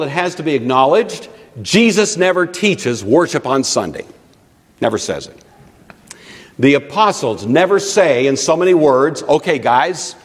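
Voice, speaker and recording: A man preaching a teaching sermon in an animated, conversational way with frequent asides. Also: mid-range voice. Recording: long reverb of a large hall.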